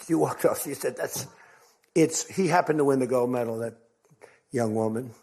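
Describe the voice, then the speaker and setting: A man's voice: mid-range voice, moderate pace, creaky, pauses often, a little mellow, breathy edge. An older American man giving a rambling speech to a crowd, telling stories and acting out quotes. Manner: rambling, repetitive storytelling with acted-out quotes.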